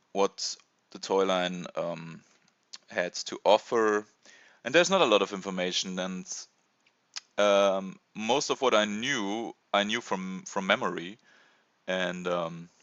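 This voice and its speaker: A man in his thirties from Germany with a German accent, hesitantly presenting a casual toy review with many pauses and fillers. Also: sits low, fairly bright tone, dry recording, highs cut off. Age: 30s. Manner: hesitant, many ums and uhs.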